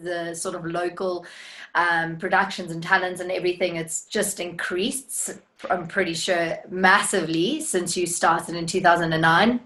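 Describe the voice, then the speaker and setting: A woman's voice: lowish voice, a bit bright. A woman hosting an interview, asking long chatty questions full of fillers. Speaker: interviewer, host. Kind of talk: casual interview.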